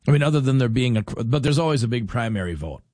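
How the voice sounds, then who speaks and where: A man's voice: medium pitch, expressive, fast, darkish tone, dry recording, studio quality. A man hosting a talk radio show, chatting casually and rambling as he reads listener texts aloud.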